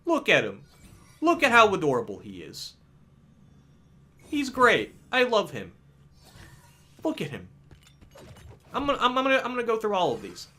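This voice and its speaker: A young man in casual gaming vlog commentary who curses freely and stumbles into repeated restarts. His voice is bright and fairly high for a man. His pitch swings widely from word to word. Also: normal speed, pauses often. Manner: animated, profane, stumbling restarts. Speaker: gaming video creator.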